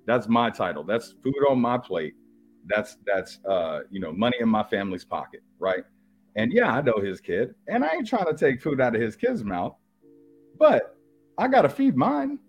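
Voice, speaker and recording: A man's voice: on the low side, big pitch swings, normal speed, breathy edge, soft background music. A man giving a brash, streetwise wrestling rebuttal, boasting about his titles. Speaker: podcast co-host, wrestler responding.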